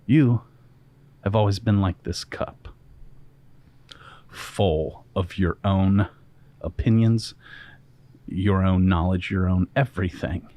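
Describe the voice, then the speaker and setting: A man doing a calm, wise old master. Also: low-pitched, pitched below the performer's own voice. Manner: calm, measured.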